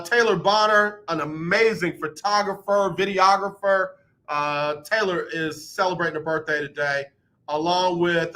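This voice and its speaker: A man hosting a radio show, telling an exasperated story with laughs and reading birthday shout-outs. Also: on the high side. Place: radio studio.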